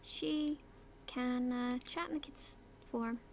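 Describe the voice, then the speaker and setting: Her voice sits high and steady as she takes things slowly, with a little hiss or hum in the audio. A young British YouTuber, she chats through a life-sim game in casual let's-play style, directing her characters, whispering, doing silly voices, and swearing casually.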